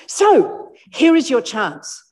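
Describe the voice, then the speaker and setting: Australian woman, animated, fairly high voice, motivational keynote in a reverberant hall. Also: slow pace. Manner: animated, playfully mimics audience voices. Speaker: motivational speaker. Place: large hall with live audience. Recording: echoey hall with long reverb.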